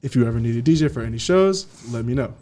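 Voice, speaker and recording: A young man from California, a DJ guest telling his story in a casual interview, slangy and animated, acting out what people said. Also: mid-range voice, fast. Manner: slangy, animated, acts out quotes.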